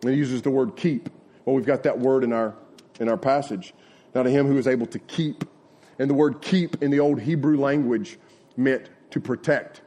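Husky folksy preacher man. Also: medium pitch, normal speed. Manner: folksy, conversational preaching with lively retold quotes. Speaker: pastor. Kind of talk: sermon with personal storytelling.

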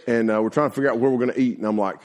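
A male preacher with a mid-pitched voice delivers a sermon to a youth crowd. He is folksy and animated, drifting into personal stories and peppering his talk with filler words. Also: very fast.

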